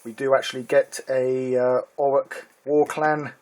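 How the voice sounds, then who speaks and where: A man hosting his own miniatures hobby channel, casually reviewing a magazine issue in a relaxed, chatty way with frequent ums and uhs, now and then reading short passages aloud in a flatter tone. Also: medium pitch, measured pace.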